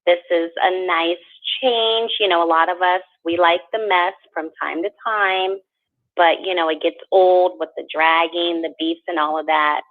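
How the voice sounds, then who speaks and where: A woman's voice: fairly low pitch, steady tone, moderate pace, no room sound. A woman from California with a Valley girl accent calling in and gushing with praise for the hosts. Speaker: caller. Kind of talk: call-in praise. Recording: tinny phone line.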